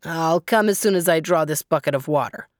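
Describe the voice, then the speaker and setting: A woman's voice: low-pitched, brisk, no room sound, clean studio sound, natural voice. A woman voicing a doubtful male farmer neighbor who speaks in an easygoing way.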